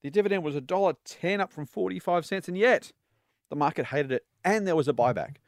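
Quick wry Australian man. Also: fairly high pitch, dry recording, clean studio sound. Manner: quick, wry, animated with figures. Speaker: investment analyst, co-host. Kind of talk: casual finance podcast banter.

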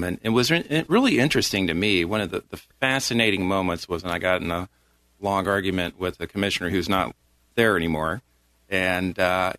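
A man with a low voice answering as an interview guest. He speaks plainly and grows animated when he gets riled. The recording is dry and close. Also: no echo. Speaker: guest, county comptroller. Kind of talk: casual interview.

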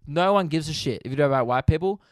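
A man with an Australian accent, a comedian hosting his podcast, ranting casually with animated, profane energy. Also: fairly high pitch, fast, no room sound, studio quality.

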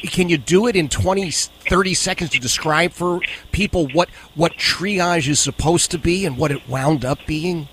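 A man from Philadelphia hosting a talk radio show, speaking reflectively and pausing to find his words as he responds to a caller. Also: fairly high pitch, a bit bright, a little hiss or hum. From Philadelphia, USA.

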